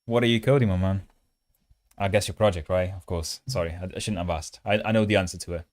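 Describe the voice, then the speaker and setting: A man's voice: sits low, steady tone, fast talker, a little mellow, dry recording. A man hosting a coding livestream, chatting casually and reading chat while his build runs, at times holding the mic close in a mock ASMR voice. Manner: chatty and self-mocking, reads chat aloud. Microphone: handheld mic held close.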